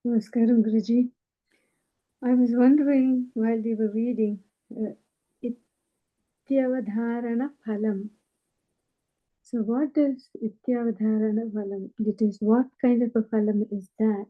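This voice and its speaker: A woman's voice: on the high side, fairly even intonation, moderate pace, long pauses. A woman politely asking her teacher a question in class. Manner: polite, inquiring. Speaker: student. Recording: tinny phone-like remote line.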